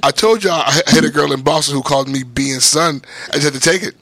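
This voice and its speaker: A bright, slightly high-pitched man co-hosting a raunchy podcast. He talks loudly and keeps slipping into mimicked voices for laughs, all in casual, unfiltered banter. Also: fast, no echo. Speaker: podcast co-host.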